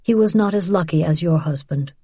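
A soft-spoken elderly rabbi delivers hard news with patience, in a low, mellow, measured voice, read by a woman narrator. The sound is dry and close, like an audiobook reading. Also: husky, no room sound. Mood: gentle grave. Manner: gentle and measured. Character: elderly male rabbi, gentle, grave and measured.

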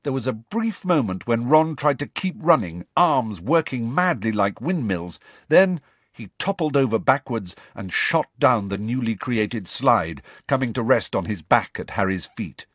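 A man's voice: mid-range voice, unhurried, dry recording. A man narrating a novel as an audiobook, telling it expressively. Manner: expressive storytelling. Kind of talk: scripted narration.

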